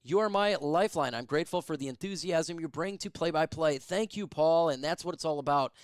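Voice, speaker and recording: A man doing live fan play-by-play of a football game, emotional and excitable, shouting on big plays and chatting with viewers. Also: a little high, brisk, smooth, dry recording, clean studio sound.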